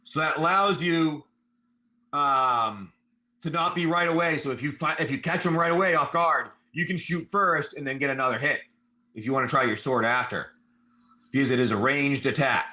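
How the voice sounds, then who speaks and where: High-voiced excitable male game master. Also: moderate pace. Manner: animated, excitable storytelling. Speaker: live stream host and game master. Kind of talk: casual chat and tabletop game narration.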